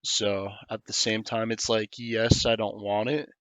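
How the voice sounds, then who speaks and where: A man's voice: on the low side, level tone, measured pace, fairly bright tone, smooth, no echo. A young man in casual chat, speaking plainly and reflectively. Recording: dull lo-fi sound.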